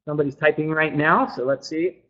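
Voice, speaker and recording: A man with a fairly high voice, talking loosely and casually to an online audience. He repeats words, trails off and fills his pauses with um. The sound is dull and lo-fi, as on a home computer mic. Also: fairly even intonation. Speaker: webinar presenter. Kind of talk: casual webinar talk. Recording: dull lo-fi webinar audio.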